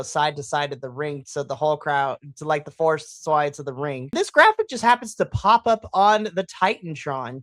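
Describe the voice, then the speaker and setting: A podcast host recapping a wrestling show in casual chat, excitable and profane, acting out their own reactions. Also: mid-range voice, no echo.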